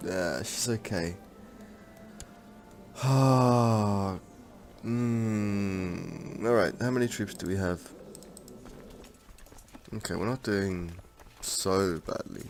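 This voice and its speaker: A man's voice: low voice, measured pace, pauses often, faint music behind. A man giving casual gameplay commentary on a strategy game, thinking aloud in a rambling, frank way. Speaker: strategy game let's-player.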